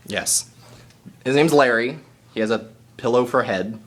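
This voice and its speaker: A man's voice: medium pitch, slow pace. A man goofing around as the host of a made-up show, rambling and giggling while he keeps sneezing. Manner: silly, giggly, rambling announcer voice. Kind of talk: goofy improvised chat.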